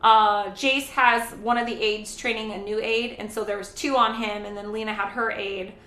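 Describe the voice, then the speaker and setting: A woman's voice: medium pitch, steady tone, normal speed, pushed and bright, roomy sound. A woman hosting a casual charity live stream from her home kitchen. She chats while cooking, rambles, and greets viewers and reads their chat aloud.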